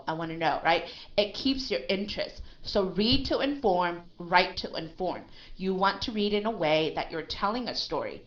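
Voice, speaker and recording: Brief: woman, English teacher, lowish voice, emphatic, slightly muffled recording. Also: a bit bright. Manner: emphatic, keeps checking with "right?". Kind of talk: one-on-one language lesson.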